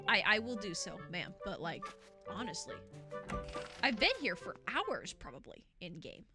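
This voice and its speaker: A woman's voice: mid-range voice, very animated, moderate pace. A woman hosting a let's play, giving chatty, rambling, self-deprecating commentary. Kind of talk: casual gameplay commentary. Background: game music.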